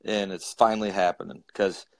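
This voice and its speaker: A man's voice: low-pitched, fairly even intonation, a little fast, gravelly, dry recording. A man co-hosting a casual live chat over a video call, joking and laughing easily. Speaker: co-host.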